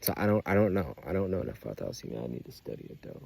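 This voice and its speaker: A man's voice: extremely low pitch, sing-song, very fast, gravelly, a little mellow, breathy edge. A young man rambling outdoors in a loose, profane, emphatic personal monologue full of restarts. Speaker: vlogger.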